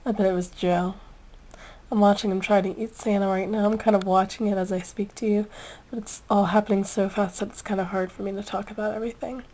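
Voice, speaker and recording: A woman's voice: medium pitch, fairly even intonation, brisk, darkish tone, low-quality recording. A young woman in casual chat, reviewing a video with a giggly, rambling, gushing manner.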